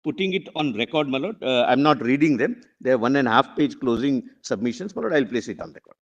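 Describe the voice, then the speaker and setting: A man's voice: mid-range voice, animated, quick pace, highs cut off. Male government counsel, Indian English, formal courtroom submissions, mid-range voice. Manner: formal, repeats deferential forms of address. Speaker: government lawyer.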